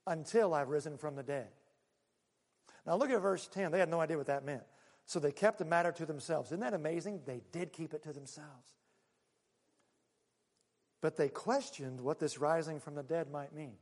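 Speaking a little slowly and leaving long pauses, a pastor gives an animated sermon that shifts between loud bursts and quiet asides. His voice is high for a man, and a large hall's long reverb trails each line.

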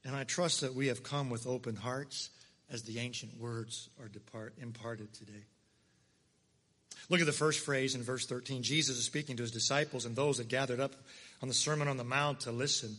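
A man's voice: mid-range voice, fairly even intonation, normal speed, a bit bright, big-room sound. A middle-aged man preaching a sermon in a church, conversational with asides and rhetorical questions. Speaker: pastor.

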